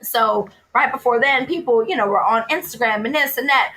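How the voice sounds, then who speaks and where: A woman, a guest telling wry, animated stories in casual chat. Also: a little high, fairly quick, hardly any pauses, poor audio. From New Orleans, USA. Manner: animated, wry, laughing asides. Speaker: guest, food writer.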